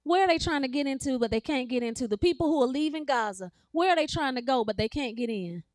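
Woman pastor, sermon, high voice, dry sound, call-and-response. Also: expressive, quick pace, dry recording. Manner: call-and-response preaching, repeats phrases, laughs with congregation. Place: church sanctuary.

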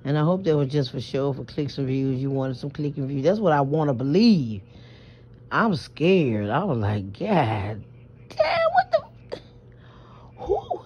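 A woman's voice: rumbling low, expressive, normal speed, darkish tone, slight background noise. Brief: woman from New Orleans, stammering confessional vlog, lo-fi phone sound. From Southern US, New Orleans. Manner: rambling, stammering, emphatic, swears freely. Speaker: vlogger. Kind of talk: late-night confessional vlog. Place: in bed at night. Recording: muffled lo-fi phone audio.

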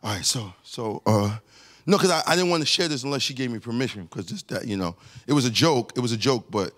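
A man in his forties preaching a conversational sermon, telling a family story and talking straight to his congregation, his voice climbing to near-shouts. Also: medium pitch, quick pace. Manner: lively, addresses the congregation directly, rising to near-shouts. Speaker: pastor. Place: church sanctuary.

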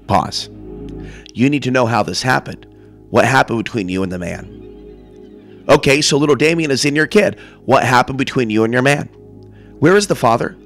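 A man from Portland delivering an impassioned sermon monologue, theatrical and swinging from murmurs to shouts. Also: mid-range voice, expressive, moderate pace, long pauses, faint music behind. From Portland, Oregon. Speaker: self-styled preacher.

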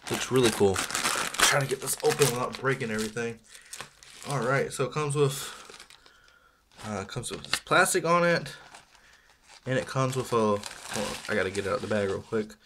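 A man's voice: mid-range voice, moderate pace, long pauses, background noise. Male vlogger, mid-range voice, loose rambling chat with self-mocking asides. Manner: rambling, chatty, self-deprecating with small laughs. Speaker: toy unboxing vlogger. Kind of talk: casual unboxing chat.

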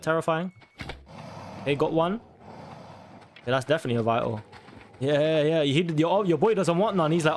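A young man giving casual, sweary commentary on a hunting game and taunting the animals loudly. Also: on the high side, expressive, normal speed, pauses often, a little hiss or hum. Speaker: gaming YouTuber.

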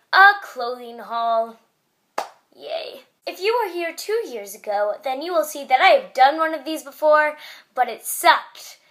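Teen girl vlogger, high voice, slow unhurried delivery, jokey self-mocking asides. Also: fairly bright tone. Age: teens. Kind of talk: casual haul video.

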